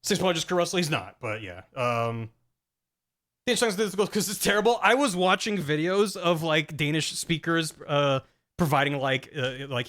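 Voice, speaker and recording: A young man chats casually on stream, rambling and poking fun at himself. His voice sits a little on the high side, and he fills his talk with ums and quick laughs. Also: animated, fairly bright tone. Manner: rambling, self-deprecating, many fillers and laughs.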